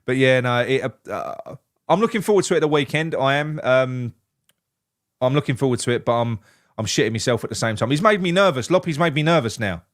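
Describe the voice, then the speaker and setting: A man, co-hosting a casual football chat, excitable and sweary, with lots of stammered restarts. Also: medium pitch, a little fast. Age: 40s. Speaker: podcast co-host.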